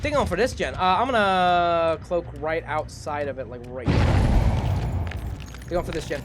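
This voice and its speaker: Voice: medium pitch, normal speed, noisy background. A streamer giving casual live gaming commentary, chatty, self-mocking and swearing freely.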